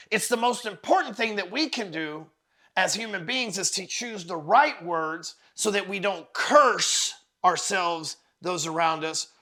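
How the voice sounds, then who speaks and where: This man's voice sits high, bright and forceful as he hosts his podcast. An adult with four children, he delivers a blunt, cursing pep talk that keeps looping back on itself, hammering words again and again while building his case.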